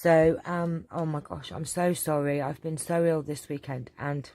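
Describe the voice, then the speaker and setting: A woman with a sore, hoarse throat, chatting casually through a vlog Q&A with lots of ums and throat-clearing. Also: deep voice, fairly even intonation, measured pace, dark tone. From England. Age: adult, about to marry. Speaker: crafting channel host.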